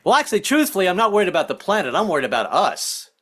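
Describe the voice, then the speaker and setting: Animated man doing stand-up. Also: high-pitched, rapid-fire. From Southern United States family. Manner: animated, acts out voices, self-deprecating. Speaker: stand-up comedian. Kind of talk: stand-up comedy set. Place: online virtual comedy show.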